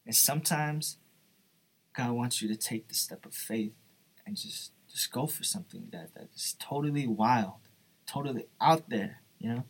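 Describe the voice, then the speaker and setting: A man's voice: medium pitch, moderate pace, breathy edge. A young man giving an earnest, informal devotional talk, often asking "right?" and "you know". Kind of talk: informal sermon.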